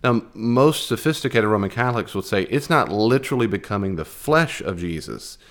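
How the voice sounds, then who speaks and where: Animated, low-voiced man teaching a Bible class. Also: brisk. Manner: conversational, animated, with frequent fillers and restarts.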